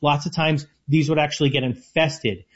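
A man's voice: on the high side, fairly even intonation, moderate pace. A man co-hosting a casual radio food show, explaining things in an eager way. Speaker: co-host, chef. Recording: muffled lo-fi radio audio.

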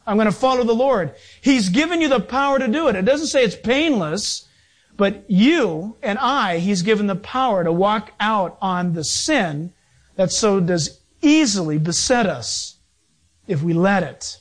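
A man preaching a sermon as pastor, emphatic and animated, with sudden shifts in pace. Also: high voice, slow.

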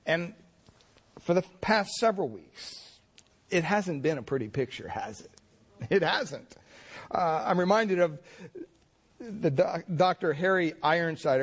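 Chatty storytelling male pastor. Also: fairly high pitch. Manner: conversational storytelling with frequent restarts and chuckles. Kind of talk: sermon.

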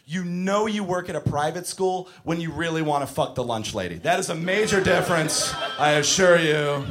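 A man in his thirties doing a stand-up comedy set, telling stories with animated delivery and bursts of shouting. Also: on the high side, brisk, a crowd in the background. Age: 30s.

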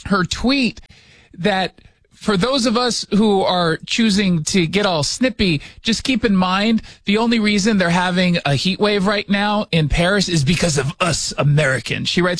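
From his studio, a man hosts a radio show, chatting casually and offering opinions laced with sarcastic jokes and asides. His voice is high and fairly bright, and he speaks unhurriedly. There's no room sound.

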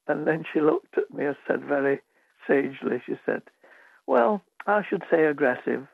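A man's voice: medium pitch, normal speed, creaky, breathy edge, no echo. Man telling funny stories on a radio show, voice swoops all over, crackly phone-line sound, dry. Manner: lively anecdotal, acts out voices of children and teachers. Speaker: author guest. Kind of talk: storytelling anecdotes on radio.

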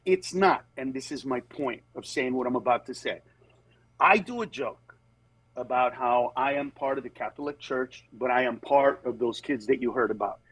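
A stand-up comedian tells stories in a casual conversation, acting out other people's voices and turning earnest and measured on serious topics. His medium-pitched voice is a bit bright and husky, and the recording is dry.

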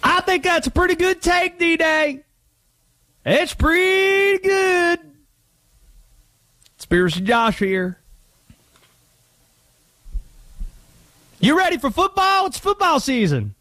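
A man putting on a wild, rambling conspiracy theorist with a high, drawling Cajun twang. His voice leaps up and down all over the place. The sound is close and dry. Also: lively intonation, takes it slowly, pauses often, bright, forceful tone, no echo, heavily acted. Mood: gleeful. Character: Conspiracy Josh, excitable Cajun-style man.

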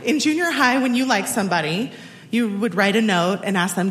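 A woman's voice: on the high side, lively intonation, brisk, echoey room, in a large hall. A woman in her forties telling a personal story to a live audience, chatty and self-deprecating, often laughing as she speaks. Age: 40s.

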